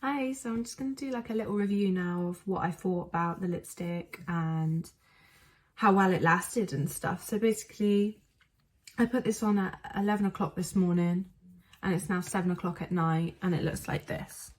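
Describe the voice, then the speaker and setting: A woman's voice: lowish voice, moderate pace. A woman chatting casually in a vlog from inside a car, filling her talk with "like" and dry, self-mocking asides. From England. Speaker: beauty student reviewing lipstick.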